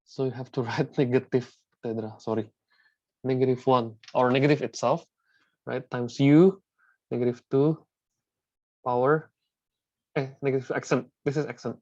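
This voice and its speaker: A man with a dark, mellow voice walks through math problems in a tutorial. He repeats words, restarts his phrases and checks in with "right?" after each step. The recording is dry, dull and lo-fi. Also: medium pitch, steady tone, normal speed, pauses often, dry recording. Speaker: math teacher. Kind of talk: tutorial lesson working through examples.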